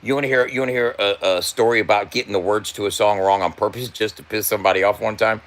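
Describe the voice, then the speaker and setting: A man's voice: fairly low pitch, fairly even intonation, fast talker, fairly bright tone. A man, a tattoo artist and rapper, telling a loose, profane story to his viewers, laughing often, repeating and stumbling over his words, stoned.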